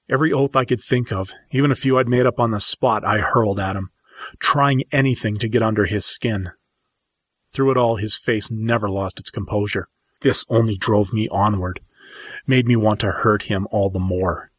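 Husky guy narrating a story, kinda low, dramatic and measured. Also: a bit bright, dry recording, clean studio sound. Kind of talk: first-person audiobook narration.

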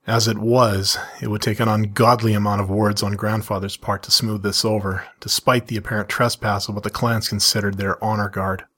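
Middle-aged man, husky voice, lowish pitch, measured first-person story reading. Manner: measured, steady reading with a candid aside. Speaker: author reading his own story.

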